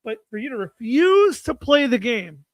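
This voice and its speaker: A man's voice: very high voice, big pitch swings, moderate pace, dry recording. A young man co-hosting a casual sports talk stream, joking and teasing his co-host. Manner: joking, teasing, shouts to others off-mic.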